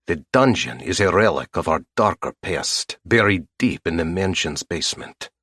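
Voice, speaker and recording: A man narrating a dark audiobook in the first person, his voice low, unwavering and menacing. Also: husky, no echo, clean studio sound.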